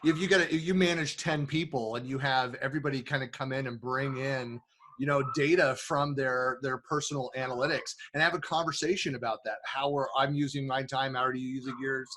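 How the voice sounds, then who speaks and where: A man hosting a casual interview, speaking earnestly and slowing down to stress his points. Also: medium pitch, fairly even intonation, pushed and bright, slight background noise. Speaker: host.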